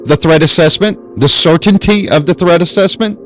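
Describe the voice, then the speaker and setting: A man's voice: fairly high pitch, normal speed, a bit bright, soft background music, low-quality recording. A man hosting his own podcast, lecturing in an emphatic style that is full of rhetorical questions and repetition, speaking into a desk mic on a stand. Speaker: podcast host.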